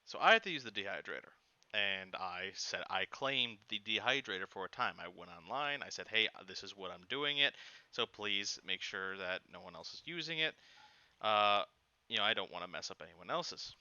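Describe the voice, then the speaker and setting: A man's voice: lowish voice, clean tone, dry recording, highs cut off. A young man rambling through an annoyed personal story in casual chat, with lots of fillers. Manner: rambling, animated, exasperated retelling with many fillers. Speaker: gaming channel host telling a personal story.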